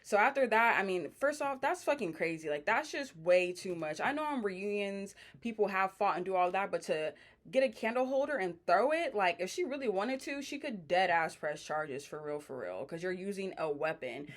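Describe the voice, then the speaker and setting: A woman's voice: mid-range voice, lively intonation, normal speed. A woman casually recapping a reality TV reunion in blunt, profane slang.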